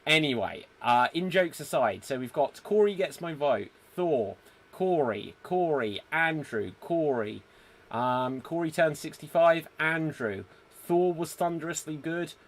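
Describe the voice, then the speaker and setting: A man's voice: fairly high pitch, animated, a little slow. A man hosting a live online improv show, reading viewer comments and setting up scenes. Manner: easygoing, reads out viewer comments, sets up scenes. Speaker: host.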